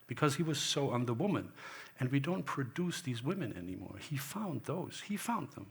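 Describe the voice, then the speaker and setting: In a gallery hall in front of an audience, a guest photographer gives an onstage talk with a medium-pitched, creaky, slightly rough voice. His pitch swings widely, he moves at a moderate pace with hardly any pauses, and he rambles anecdotally while acting out past exchanges.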